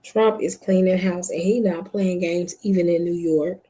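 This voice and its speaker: A woman's voice: fairly low pitch, fairly even intonation, moderate pace, few pauses, mellow, low-quality recording. A woman hosting a casual late-night livestream from home, tired and sleepy, chatting directly to her viewers. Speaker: channel host.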